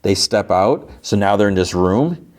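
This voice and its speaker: A man's voice: on the low side, expressive, unhurried. A man hosting a podcast, casually recapping an episode with lots of fillers and restarts. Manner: rambling, many fillers and restarts. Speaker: podcast host.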